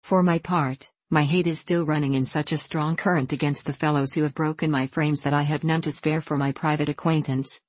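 A woman's voice: sits low, a little mellow, no echo, rough recording. A woman reading an audiobook, voicing a proud young male mill owner with a dry, ironic manner.

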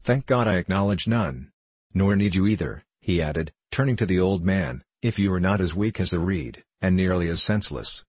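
A man reading an audiobook, voicing a sour, cruel male dwarf who talks in a dry, sneering, deliberate way. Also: low voice, animated, a little mellow, slightly rough, dry recording.

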